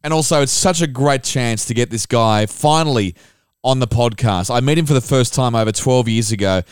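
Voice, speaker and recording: Excited podcast host, smooth voice. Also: male voice, mid-range voice, normal speed, no room sound, studio quality. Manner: enthusiastic, chatty. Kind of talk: upbeat podcast intro and interview.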